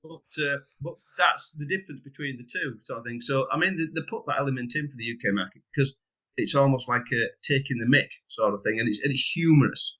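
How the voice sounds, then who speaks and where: A man co-hosting a business podcast, chatting casually and explaining with lively asides and light humour. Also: medium pitch, fast, dull audio. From United Kingdom. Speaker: podcast co-host.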